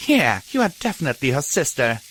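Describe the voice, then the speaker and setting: A man's voice: medium pitch, very animated, fast, a bit bright, slight background noise, voice pushed up. A man voicing a screaming, furious young mare. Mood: sharp, defiant. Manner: screaming in rage. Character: furious young mare pony, fierce fighter.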